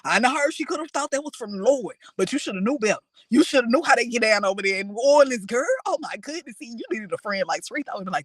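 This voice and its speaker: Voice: medium pitch, very animated, fast talker, hardly any pauses, fairly bright tone, no echo. A reaction host giving sassy, profane commentary straight to the viewer.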